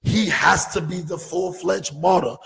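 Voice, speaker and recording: A man's voice: high-pitched, a little slow, creaky, fairly bright tone, breathy edge, in a large hall, soft background music, poor audio. A man in casual sports talk, arguing his point with emphatic rhetorical questions.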